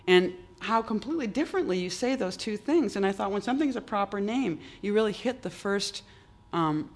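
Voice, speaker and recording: An older poet from Boston, talking in a halting way with many restarts and strong emphasis. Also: mid-range voice, animated. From Boston, United States. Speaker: poet, interview guest. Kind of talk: reflective conversation.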